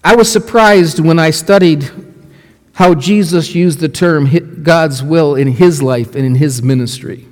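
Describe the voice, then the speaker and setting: A male pastor with a voice on the high side speaks a little slowly as he preaches a sermon. He asks the congregation questions and tells lively stories, acting out quoted lines, all under a long hall reverb.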